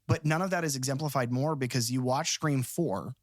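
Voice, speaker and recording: A man co-hosting a podcast, talking about movies in an animated, rambling, enthusiastic way. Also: medium pitch, brisk, no room sound, studio quality. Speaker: podcast co-host. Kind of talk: casual film discussion.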